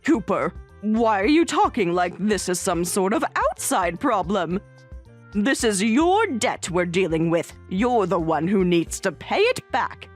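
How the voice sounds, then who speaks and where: A woman's voice: mid-range voice, sing-song, a little slow, soft background music. A woman voicing an entitled middle-aged mother who speaks in an indignant, insistent way, in a voiced story drama.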